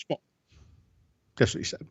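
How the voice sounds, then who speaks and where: A man telling a story in a casual podcast chat, animated and profane, acting out the people in it. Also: measured pace. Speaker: co-host.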